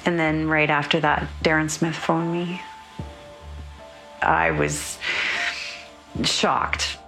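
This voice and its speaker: A middle-aged mother speaking haltingly in an interview, restarting her sentences. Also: deep voice, level tone, vocal fry, fairly bright tone, faint music behind.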